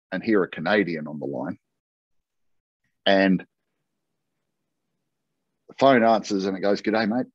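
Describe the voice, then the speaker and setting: An Australian man, a guest in an interview, telling a long story in a lively, conversational way and acting out the dialogue. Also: sits low, no room sound. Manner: animated anecdote-telling, acting out quoted dialogue. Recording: dull, lo-fi and dry.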